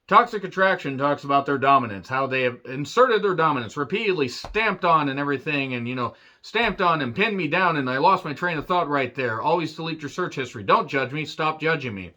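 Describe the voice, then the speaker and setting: A man's voice: fairly high pitch, sharp tone, lo-fi sound. A man reviewing a wrestling show in a profane, sarcastic rant. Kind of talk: ranting review vlog.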